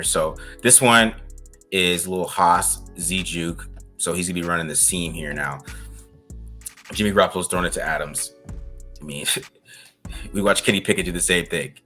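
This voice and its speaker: A man's voice: sits low, bright, forceful tone. A man co-hosting a casual film-review chat, talking loosely with lots of restarts and laughs. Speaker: podcast co-host breaking down game film.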